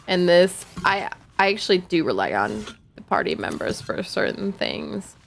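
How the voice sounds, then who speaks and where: A woman's voice: on the low side, big pitch swings, moderate pace, creaky, a little hiss or hum. A woman streaming a game, chatting casually and reading in-game notes aloud. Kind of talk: casual gameplay commentary.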